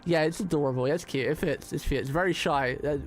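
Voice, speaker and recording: Streaming a game as a vtuber, this man talks briskly in a fairly high voice, giving rambling, casual commentary full of repeated words and restarted sentences, with a bit of background noise.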